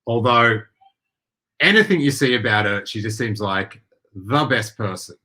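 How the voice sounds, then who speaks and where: A man hosting a podcast in casual chat, rambling with many halting restarts. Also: fairly low pitch, expressive, sharp tone. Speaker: podcast host.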